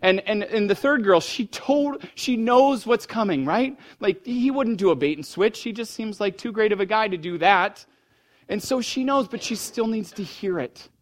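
A man preaching a sermon as pastor, telling a story that moves between hushed, low passages and fervent, raised ones. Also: expressive, moderate pace.

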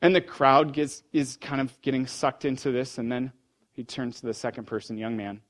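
Speaking at a normal speed, a man delivers a sermon as pastor. The story he tells swings from hushed, subdued moments to impassioned, louder stretches.

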